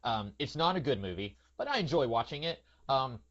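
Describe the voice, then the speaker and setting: A man's voice: mid-range voice, very animated, brisk, fairly bright tone. A man chatting loosely as a podcast host, drifting through thoughts with plenty of ums and likes. His voice sits in an ordinary middle range, and the recording has a dull, lo-fi sound. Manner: rambling, many fillers, slips into character voices. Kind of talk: casual podcast chat.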